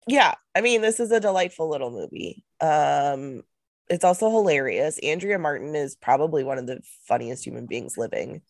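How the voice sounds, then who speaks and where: Woman, low pitch, dry close sound, relaxed podcast chat. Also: normal speed, vocal fry, no echo. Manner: easygoing, agreeable, hesitant fillers. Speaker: podcast co-host. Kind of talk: casual chat.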